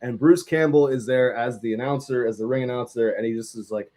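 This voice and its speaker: A man's voice: mid-range voice, fairly even intonation, brisk, few pauses, warm tone. A man co-hosting a casual film review, animatedly retelling scenes and laughing along the way.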